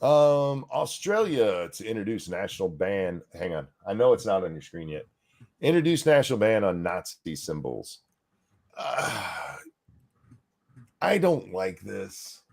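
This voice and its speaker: A man's voice: sits low, sing-song, measured pace, creaky, a little mellow. A man co-hosting a podcast, ranting in a heated, sarcastic, profane way. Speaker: podcast co-host. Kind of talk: casual podcast rant.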